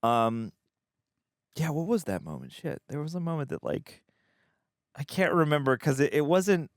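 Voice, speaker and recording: A man's voice: on the high side, expressive, moderate pace, no room sound, studio quality. A man co-hosting a movie reaction show, chatting casually and rambling with many fillers and restarts. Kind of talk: casual chat.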